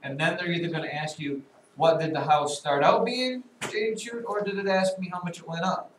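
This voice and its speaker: A man with a slightly high voice teaches a math lesson, working through a problem step by step with dry, teasing remarks to his students. He is heard from across an echoey classroom, picked up by a distant mic over clear background noise. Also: fairly even intonation, moderate pace.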